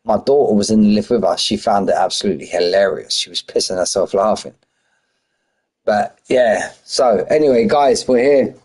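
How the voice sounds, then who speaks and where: A man's voice: lowish voice, moderate pace, darkish tone, breathy edge. A middle-aged man chatting casually on a stream before commentating a sim racing league, full of banter and greeting viewers as mate. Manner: chatty, banter-heavy, greets chat by name, says mate a lot.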